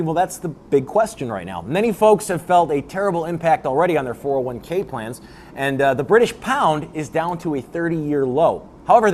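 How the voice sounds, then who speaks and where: A man hosting a comedy news segment in a sarcastic monologue, laughing at his own jokes. His voice sits a little high and moves up and down a lot, with a faint hiss behind him. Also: darkish tone. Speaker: host.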